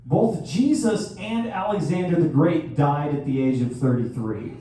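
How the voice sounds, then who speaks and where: Animated man doing stand-up in an echoey hall. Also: a little high. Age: 30s. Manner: crude, animated storytelling with sudden loud outbursts. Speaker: stand-up comedian. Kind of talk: stand-up set. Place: live venue hall. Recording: echoey hall from far off, faint noise.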